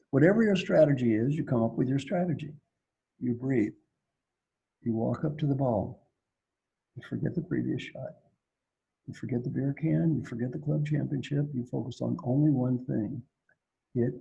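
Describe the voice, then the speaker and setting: A man's voice: mid-range voice, normal speed, vocal fry, pauses often, breathy edge, muffled recording. A man coaching leaders in an online Q&A, acting out characters as he tells stories. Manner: animated storyteller, acts out characters. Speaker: executive coach. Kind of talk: storytelling Q&A talk.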